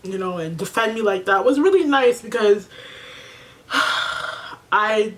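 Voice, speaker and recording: A woman's voice: medium pitch, animated, a little slow. A young woman vlogging casually while doing her makeup, tearful and emotional, saying "like" and "you know" a lot. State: tearful after crying. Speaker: beauty vlogger. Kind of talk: casual get-ready-with-me chat.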